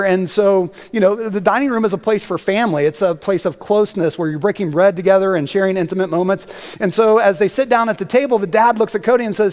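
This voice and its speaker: Casual high-voiced man preaching as guest speaker, chatty storytelling, long church reverb. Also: fairly quick, darkish tone. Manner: conversational storytelling with many fillers. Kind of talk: sermon.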